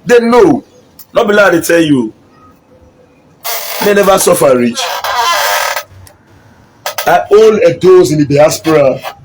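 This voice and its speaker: A man's voice: on the high side, animated, moderate pace, long pauses, slight background noise. A middle-aged Nigerian man giving an impassioned political speech, mixing Pidgin with English and repeating his points for emphasis. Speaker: local politician.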